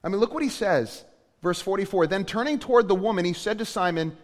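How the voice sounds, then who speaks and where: A male pastor delivering a sermon, conversational and animated, with emphatic rises on key points. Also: high-pitched, fast talker, in a large hall.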